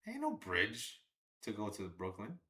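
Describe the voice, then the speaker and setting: A young man with a lowish voice gives casual live fan commentary on a baseball game. He is chatty and excitable, cheering players on and cursing when plays go wrong. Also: unhurried. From Long Island, New York.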